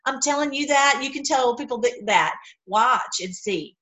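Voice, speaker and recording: A woman's voice: sits high, animated, normal speed, a bit bright, poor audio. Chatty woman teaching the Bible. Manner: chatty and rambling, acts out quoted people.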